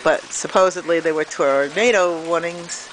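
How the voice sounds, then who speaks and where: On a porch in the rain, a middle-aged woman films her pet birds and talks to them in sing-song baby talk, laughing a lot. Her voice is lowish and moderately paced. The handheld camera audio is noisy, full of rain and bird sounds.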